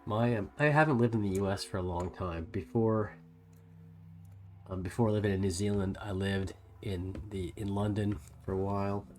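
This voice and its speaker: A man with a soft US West Coast American accent, casually chatting with viewers on a livestream while painting miniatures. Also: fairly low pitch, steady tone, moderate pace. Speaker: livestream host.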